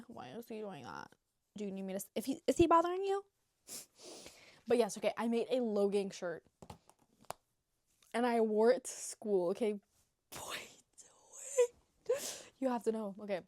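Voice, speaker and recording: A young woman vlogger in a rambling casual chat, swearing freely and breaking into squeaky acted quotes. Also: animated, a little slow, pauses often, darkish tone, dry recording, clean studio sound.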